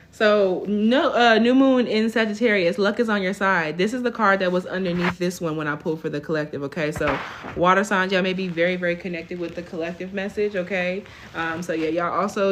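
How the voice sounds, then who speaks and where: A woman's voice: fairly low pitch, fairly even intonation, fairly quick, a little hiss or hum. A woman in her twenties giving a casual live tarot reading, chatty, tagging almost every line with "okay?". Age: 20s. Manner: chatty, tags lines with "okay?". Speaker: tarot reader.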